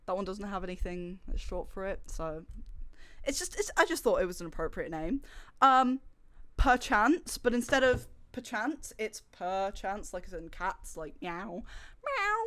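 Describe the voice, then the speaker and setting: A young woman livestreamer chatting casually to her viewers, telling stories with animated sarcasm. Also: medium pitch, moderate pace. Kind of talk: casual stream chat.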